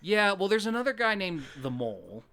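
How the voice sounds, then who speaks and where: A man co-hosting a podcast, recapping a film in casual, crude, deadpan jokes. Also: high-pitched, fairly quick, gravelly, crowd noise. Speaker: podcast co-host. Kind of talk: casual movie-review chat.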